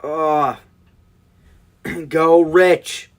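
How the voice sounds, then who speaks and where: A man with a high voice calls out live reactions as the picks come in. He is excitable and emotional and repeats lines over and over. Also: normal speed. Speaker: live draft commentator.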